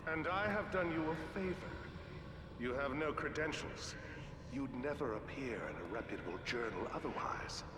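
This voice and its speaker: A man's voice: medium pitch, lively intonation, moderate pace, close to an everyday voice. An actor playing a condescending male scientist in a game cutscene, haughty and dismissive. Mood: smug. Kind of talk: video game cutscene acting. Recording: echoey reverberant game audio with noise.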